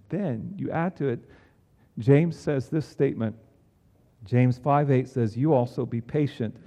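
A man preaching a sermon in an earnest way, with emphatic rises and quiet low drops. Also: highs cut off. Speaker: pastor.

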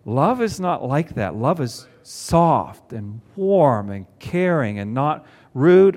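Man, pastor, sermon to a congregation, conversational, rhetorical questions, mid-pitched. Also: sing-song, slow, few pauses, darkish tone. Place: church before a congregation.

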